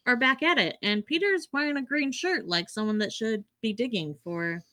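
A woman's voice: a little high, moderate pace, sharp tone. A woman co-hosting a casual chat, playful and teasing as she recaps events. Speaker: podcast co-host.

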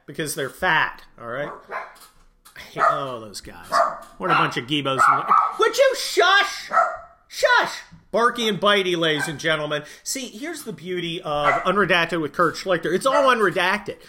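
A man's voice: on the high side, expressive, moderate pace, heavy background noise. A middle-aged man hosting a podcast from his home, giving casual, sarcastic political commentary in a rambling way with many fillers. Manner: sarcastic, rambling, yells at barking dogs. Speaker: podcast host. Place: home with barking dogs.

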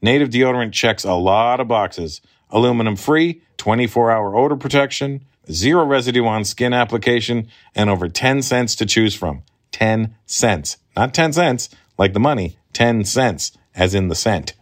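A man's voice: mid-range voice, normal speed, hardly any pauses. Man reading a sponsor ad. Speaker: podcast host reading an ad. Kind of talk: ad read.

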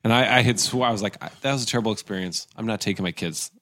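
A man's voice: on the low side, rapid-fire, no echo, studio quality. A man, an actor, telling a long rambling anecdote in casual chat, full of restarts and asides, and acting out the voices of the people in it. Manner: animated, acts out quoted voices. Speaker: actor and guest.

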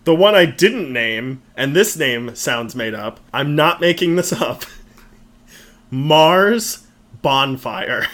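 A man's voice: a little high, expressive, slow, fairly bright tone. Dry, teasing man in casual chat. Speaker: podcast co-host.

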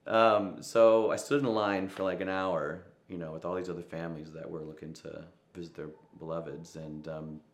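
A young man with a very low, deep voice recalls a personal story in an interview. He talks reflectively and drops into soft quoted asides, and the room around him rings with echo. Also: fairly even intonation, normal speed, hardly any pauses. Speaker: musician interviewed.

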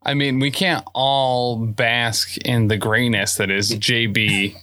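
Bright-voiced teasing man. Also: mid-range voice, little pitch movement, slow pace, dry recording. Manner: wry, teasing. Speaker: player voicing Lucky. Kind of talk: casual chat among players.

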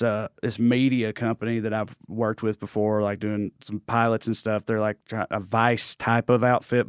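A man's voice: medium pitch, dry recording, studio quality. A man with a Southern US accent, chatting as a comedian guest, rambling and self-deprecating as he jokes. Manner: rambling, self-deprecating, slips into put-on voices. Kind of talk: casual chat, comic storytelling.

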